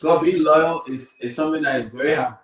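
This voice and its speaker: A man's voice: on the high side, a little fast, a little hiss or hum. A man hosting a live interview who asks questions and repeats them to make sure they land. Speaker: interview host. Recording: very echoey room.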